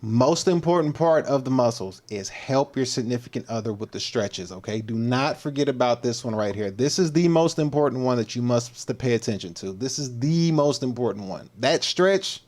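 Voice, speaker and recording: A man's voice: mid-range voice, animated, normal speed, hardly any pauses, a little mellow. A man from Texas, hosting a fitness livestream in a playful, joking manner with loose, repetitive slang. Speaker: fitness coach, livestream host.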